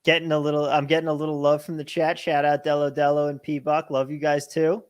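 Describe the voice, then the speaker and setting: A man from New Jersey with a New Jersey accent, co-hosting a casual livestream and telling stories in a joking, animated way. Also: a little high, fast. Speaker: co-host.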